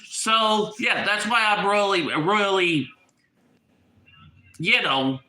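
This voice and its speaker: A man's voice: high voice, animated, takes it slowly, sharp tone, reverberant, slight background noise, rough recording. A man with a stuffed-up nose from illness, ranting in a casual vlog, agitated and often repeating and restarting his words. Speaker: YouTuber.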